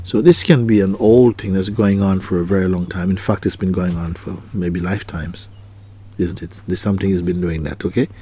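Here the voice is deep, brisk, dark and husky, with fairly even intonation. The man teaches on spiritual matters, questioning his listeners, repeating lines, and dramatizing quoted figures.

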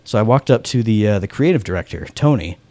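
A man's voice: on the low side, lively intonation, fast talker, mellow, no echo. A man chatting casually as a podcast host, enthusiastic and full of "like", acting out the dialogue in his stories. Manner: enthusiastic, heavy use of "like". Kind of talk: casual chat.

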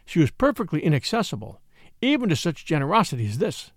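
A man reading an audiobook as narrator, in an expressive, theatrical manner. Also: on the high side, quick pace, no room sound, studio quality. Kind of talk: scripted narration.

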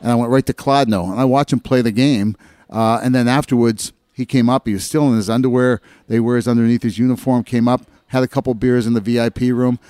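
His mid-range voice is fast, clear, and resonant, captured in clean studio sound with no room noise. A middle-aged former hockey player, he shares locker-room stories in casual talk and acts out quoted voices with lively energy.

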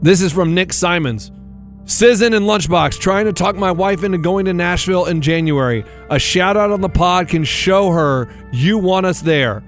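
A man's voice: high voice, normal speed, faint music behind. A man co-hosting a podcast, chatting casually about sports and reading listener messages aloud. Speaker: podcast co-host.

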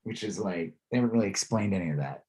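A man's voice: low voice, lively intonation, fast talker, darkish tone. A man co-hosting a podcast in casual chat, rambling with many fillers and frequent laughs. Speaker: podcast co-host.

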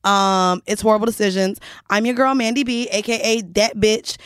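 A woman's voice: medium pitch, steady tone, normal speed, clean tone, no room sound, studio quality. A young woman hosting a podcast in casual, profane, laughing chat. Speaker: podcast host.

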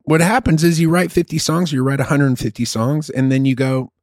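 A man's voice: a little high, brisk, no room sound, studio quality. A man in his thirties, a podcast co-host, chatting casually and joking about songwriting and his kids. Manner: animated, joking. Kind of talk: casual chat.

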